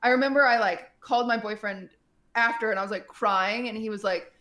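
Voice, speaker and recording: A woman streamer in casual chat, telling a story in an animated way, full of fillers and acted-out quotes. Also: on the high side, brisk.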